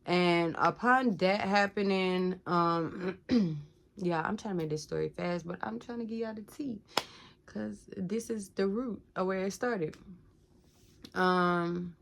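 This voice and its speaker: Woman telling her story, lower-pitched. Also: slow, creaky. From Georgia, USA. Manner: talkative, frequent "like" and "y'all" addressing viewers. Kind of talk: casual storytelling to viewers.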